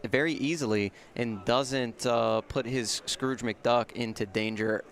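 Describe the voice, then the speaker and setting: A man co-commentating a card game tournament. His voice sits at a middle pitch, and he walks through each board state in a calm, analytical way. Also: slow. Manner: steady, analytical, agreeable.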